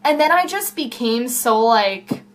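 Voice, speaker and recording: A woman's voice: fairly high pitch, expressive, unhurried. A young woman chatting casually to camera at home in a vlog, rambling and full of fillers. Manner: rambling, filler-heavy, self-interrupting. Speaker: YouTuber. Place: home room.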